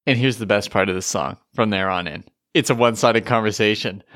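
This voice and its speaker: A man's voice: lowish voice, fairly quick, fairly bright tone. A man co-hosting a podcast, chatting casually and joking while reading song lyrics aloud. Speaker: podcast co-host. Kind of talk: casual chat about a song.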